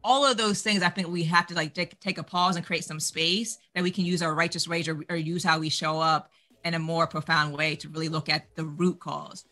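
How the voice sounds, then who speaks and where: A woman's voice: sits low, fairly even intonation, fairly quick, sharp tone. A woman with a doctorate speaking on a panel discussion, passionate and outspoken.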